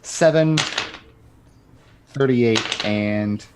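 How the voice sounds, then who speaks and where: A man's voice: fairly low pitch, extremely slow, background noise. A man playing in a tabletop game, chatting casually and explaining rules and dice rolls. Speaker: player. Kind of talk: casual tabletop play chat.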